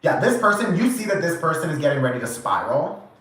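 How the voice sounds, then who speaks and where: A man giving a channeled tarot reading, animated and casual, acting out quoted reactions, swearing now and then and laughing often. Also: on the high side, quick pace. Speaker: tarot reader. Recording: very echoey room.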